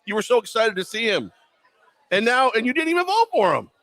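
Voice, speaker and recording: Man joking around, lively pitch. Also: fairly quick, some chatter behind. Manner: joking, mock-dramatic banter. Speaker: co-host. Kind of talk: casual sports talk.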